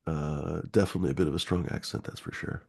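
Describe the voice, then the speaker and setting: A man's voice: a bass voice, steady tone, quick pace, gravelly, a little mellow, husky. A man hosting a live-stream show, talking in a rambling, easygoing way with a lot of swearing. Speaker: host. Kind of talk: casual live-stream chat.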